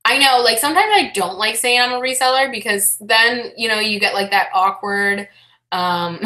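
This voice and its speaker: A young woman chatting loudly and animatedly on a casual live stream, talking about her life as an online reseller. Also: on the high side, moderate pace. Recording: echoey room.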